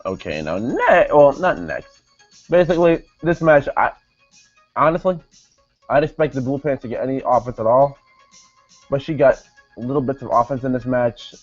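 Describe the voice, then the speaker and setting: A young man talks through a wrestling episode in a loose, rambling way, full of fillers and restarts. His mid-pitched voice comes through dull and lo-fi, and faint music plays behind him. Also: animated, normal speed, pauses often. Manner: rambling, many fillers and self-corrections. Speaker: wrestling show reviewer. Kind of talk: casual video review.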